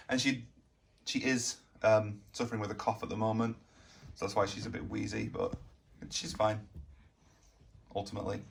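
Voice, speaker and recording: A man with a hoarse, raspy voice, chatting casually in a gaming vlog and rambling with many fillers. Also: on the low side, a little hiss or hum. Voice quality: raspy, gravelly. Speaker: vlogger.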